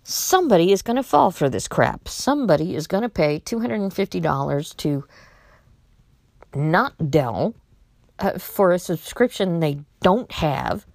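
A woman's voice: fairly low pitch, expressive, moderate pace, vocal fry, hardly any pauses, darkish tone, dry recording. A woman talking casually to her viewers with a blunt, exasperated and outspoken manner. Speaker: vlogger warning about scams. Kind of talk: casual monologue to camera.

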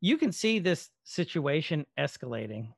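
Podcast co-host, male, gravelly and slightly high, animated scene recaps, dry close sound. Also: normal speed, dry recording. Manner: animated retelling with quoted dialogue, swearing. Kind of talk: casual chat recapping a show episode.

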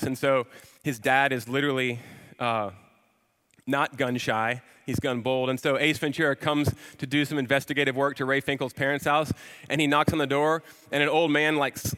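A man in his forties preaches a sermon with animated storytelling, leaning on emphatic repeated words. His voice sits a little high and rings forceful and bright. A long hall reverb trails behind each phrase. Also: clear, resonant tone.

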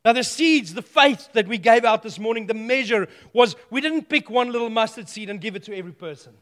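A man preaching a sermon, animated and playful, telling stories with humor. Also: very high-pitched, fairly quick, big-room sound.

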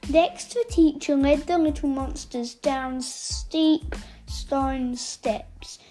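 Woman reading a kids' story, high voice, slow and playful, faint music behind. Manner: expressive and playful. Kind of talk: storybook read-aloud.

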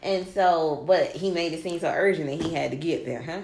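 A woman co-hosting a podcast, telling a long story in casual chat, animated and swearing freely as she quotes people. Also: deep voice, brisk. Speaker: podcast co-host. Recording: echoey room with faint noise.

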